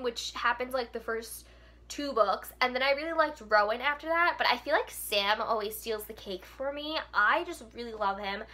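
A woman's voice: fairly high pitch, moderate pace, bright, forceful tone. A young woman vlogger chatting casually and gushing about books, with lots of "like" fillers. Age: young adult. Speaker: book vlogger. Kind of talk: casual chat.

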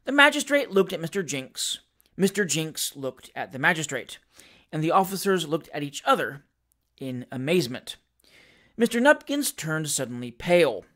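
Measured audiobook narrator. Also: medium pitch, very animated, a bit bright. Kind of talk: scripted narration of a classic novel.

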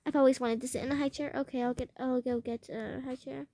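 High-voiced woman in game role-play chat. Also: steady tone, fast talker, warm tone, a little hiss or hum. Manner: chatty, playful, serving guests in a pretend restaurant. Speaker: game channel host.

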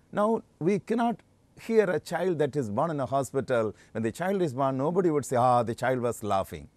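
An earnest male preacher delivering a sermon. His voice is dark and mellow, and his pitch rises and falls a lot as he stresses phrases slowly and repeats them. The sound is dry and close. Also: no room sound. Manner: earnest, emphatic, with slow stressed phrases and repetition.

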